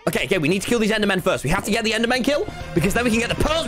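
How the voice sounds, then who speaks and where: A young man streaming a game, talking to chat, swearing and bursting into yells. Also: high voice, racing, few pauses. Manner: excitable, swearing, yelling bursts. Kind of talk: gaming livestream commentary. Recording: game music behind the voice.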